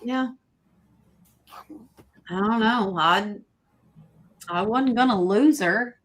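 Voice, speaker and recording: A woman's voice: mid-range voice, drawn-out words, slight background noise. A middle-aged woman co-hosting a live sale, chatting casually in a plainspoken, emphatic way. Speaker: co-host of live vintage sale. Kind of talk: casual chat.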